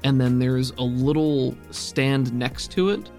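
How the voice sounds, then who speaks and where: A man narrating a tabletop game as game master in a relaxed, descriptive way with many fillers. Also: mid-range voice, slow pace, soft background music.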